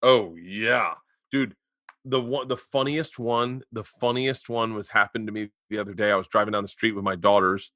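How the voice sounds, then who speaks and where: A man in his forties hosting a remote podcast, telling rambling stories that turn loud and laughing. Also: fairly low pitch, steady tone, normal speed, dry recording, studio quality. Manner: rambling storyteller, gets loud and laughing in anecdotes. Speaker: podcast host. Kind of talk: casual chat. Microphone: remote podcast mic.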